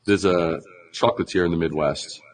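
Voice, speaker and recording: A man being interviewed as a branding expert, explaining in an animated conversational way, acting out mock sales pitches and laughing often. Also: moderate pace, a little hiss or hum, low-quality recording.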